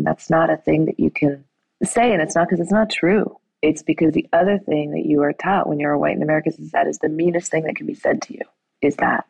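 A woman's voice: low-pitched, vocal fry, a little mellow, slightly rough, dry recording, rough recording. A middle-aged woman telling a family story in a conversational way, acting out quoted dialogue with fillers and restarts.

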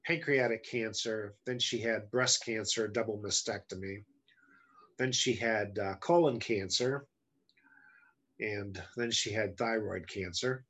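A man's voice: lowish voice, measured pace, a bit bright, husky. Blunt, candid male podcast guest. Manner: blunt, candid, often profane; self-deprecating humor about hardship. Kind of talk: casual storytelling in an interview.

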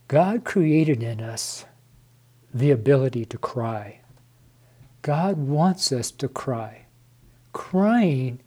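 A man's voice: mid-range voice, dark tone, breathy edge. A man preaching an earnest devotional sermon to his viewers, emotional and close to tears, calling them his friends. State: tearful, voice near crying.

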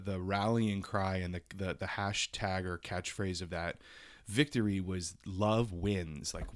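Chatty man hosting a podcast. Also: on the low side. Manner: chatty and animated, laughs often, many fillers. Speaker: podcast co-host. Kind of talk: casual chat.

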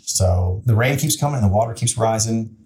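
A warm, lowish male voice moving at normal speed belongs to a city council member in his forties. Interviewed as a guest, he tells a story candidly and plainly, sincere throughout, often backing up to restart.

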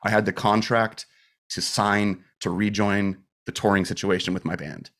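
A man's voice: lowish voice, level tone, normal speed, fairly bright tone. A man guest on a podcast, telling a personal story in casual, candid talk full of swearing and fillers. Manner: rambling with restarts and fillers like "dude" and "like". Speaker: podcast guest, metal musician.

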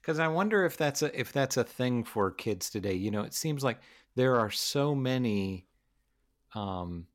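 A man in his forties in a relaxed chat, asking questions and trailing off now and then. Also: medium pitch, unhurried. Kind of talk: casual chat.

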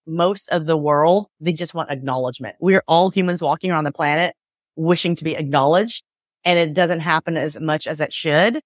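This is a woman divorce mediator in a conversational interview, explaining things through acted-out examples and peppering her speech with "like" and "right?". Her voice is low-pitched, and the recording is dry with clean studio sound.

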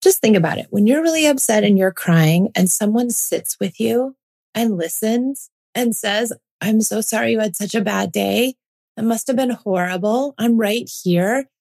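A woman's voice: mid-range voice, a little mellow. A woman in her forties hosting a parenting podcast, talking listeners through her ideas in an earnest, reassuring monologue.

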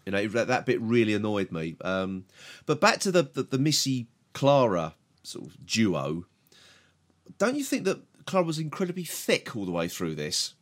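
British man grumbling in a lively voice. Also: lowish voice, normal speed. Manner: hesitant, repeats words, grumbling. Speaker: podcast co-host. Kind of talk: casual review chat.

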